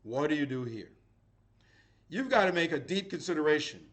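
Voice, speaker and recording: A middle-aged man breaks down chess games live, his voice sitting a touch higher than most men's. He talks in a lively, playful way and throws in sudden dramatic exclamations. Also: normal speed. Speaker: chess grandmaster commentator.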